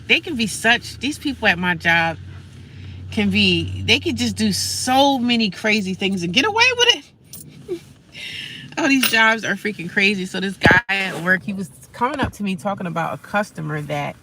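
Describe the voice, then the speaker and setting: A woman vlogs from her car at a gas station, her voice bright and sharp-edged. She rambles in a chatty, self-encouraging way, speaking to viewers as friends. The phone sits a little away from her, with faint traffic hum behind. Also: mid-range voice, recorded from a distance, low-quality recording. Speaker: vlogger. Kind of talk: casual vlog talk to viewers.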